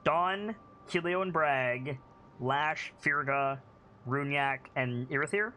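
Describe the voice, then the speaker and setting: A man's voice: a little high, takes it slowly, bright, forceful tone, a little hiss or hum. Hesitant man running a tabletop game. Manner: casual, hesitant with fillers. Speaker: game master.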